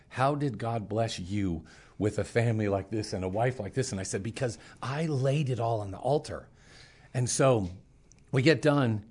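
Husky middle-aged preacher guy telling his testimony, acts out the other folks, mid pitch. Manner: animated storyteller, acts out quoted voices. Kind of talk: testimony in casual talk.

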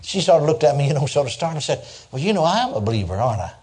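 A man's voice: a little high, big pitch swings, rapid-fire, a little mellow. An older man preaching a sermon, telling stories in a folksy way and chuckling as he goes. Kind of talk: sermon with storytelling.

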